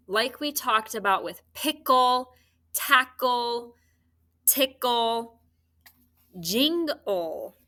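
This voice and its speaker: A woman teaching a recorded phonics lesson, dictating words slowly and patiently, with encouraging checks. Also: mid-range voice, sharp tone.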